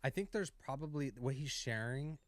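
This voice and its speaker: A man on a podcast, talking in a relaxed, agreeable way. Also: mid-range voice, moderate pace, no room sound. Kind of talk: podcast discussion.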